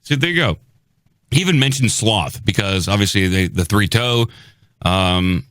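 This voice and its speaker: A man's voice: fairly low pitch, sing-song, moderate pace, a bit bright, no room sound, clean studio sound. A man hosting a comedic podcast, joking and self-mocking. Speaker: podcast host.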